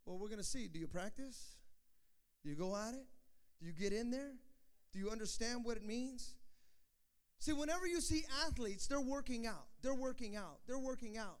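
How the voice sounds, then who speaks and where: A pastor preaching a sermon to his congregation, calling for responses and rising to shouts. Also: very high-pitched, animated, moderate pace, smooth.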